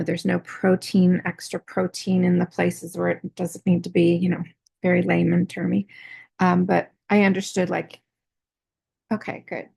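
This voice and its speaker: A woman's voice: on the low side, vocal fry, husky, no room sound. A woman in her forties, out of breath, telling a personal story in a rambling way, full of fillers and restarts. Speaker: artist vlogger.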